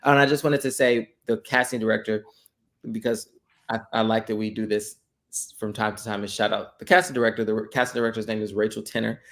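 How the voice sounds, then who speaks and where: A man co-hosting a casual movie review chat, speaking in a measured, analytical way. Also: on the low side, fairly even intonation, fairly bright tone. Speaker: podcast co-host.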